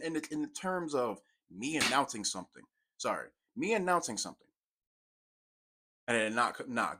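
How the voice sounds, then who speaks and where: A young man giving a profane, exasperated commentary rant, swinging from low mutters to loud outbursts. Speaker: commentary YouTuber. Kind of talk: ranting commentary.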